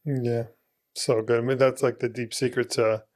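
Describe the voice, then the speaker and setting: A man who is a guest on a studio podcast, chatting eagerly and quickly agreeing with the others. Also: mid-range voice, flat delivery, darkish tone. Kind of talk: casual discussion.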